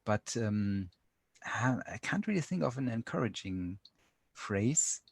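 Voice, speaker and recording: A man's voice: lowish voice, very animated, slow pace, gravelly, slightly rough, dry recording. Hesitant German-accented man, dry sound. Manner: hesitant, many fillers and restarts. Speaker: podcast guest. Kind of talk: casual interview chat.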